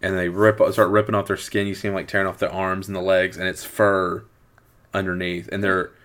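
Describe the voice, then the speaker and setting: A man's voice: low-pitched, little pitch movement, fairly quick, a bit bright. A middle-aged man chatting casually about a movie he loves. He rambles, repeating words as he works out his thoughts. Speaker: podcast host. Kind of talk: casual movie review chat.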